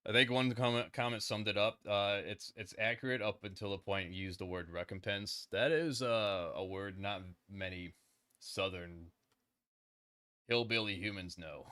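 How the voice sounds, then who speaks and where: A man's voice: fairly low pitch, normal speed, sharp tone. A man hosting a reaction commentary, dropping sardonic short asides between clips. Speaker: host.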